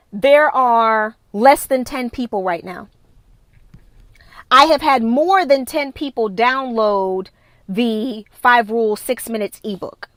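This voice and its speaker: A high-pitched woman speaks as a wellness coach on a live stream, recorded close on her phone. The sound is dry and intimate, with no echo from the room. She talks in an emphatic, preachy way and repeats herself to drive each point home. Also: fairly bright tone. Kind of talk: live-streamed motivational talk.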